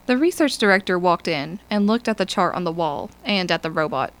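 A woman reading an audiobook in a measured, even storytelling manner. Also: mid-range voice, vocal fry, poor audio. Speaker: audiobook narrator. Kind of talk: scripted narration.

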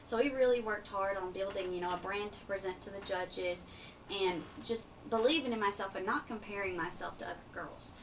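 A young woman with a light Eastern Kentucky accent, speaking earnestly and upbeat as a radio interview guest. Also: medium pitch. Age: young adult. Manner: earnest, upbeat, quick to laugh. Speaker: pageant titleholder guest. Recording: distant mic with faint background noise.

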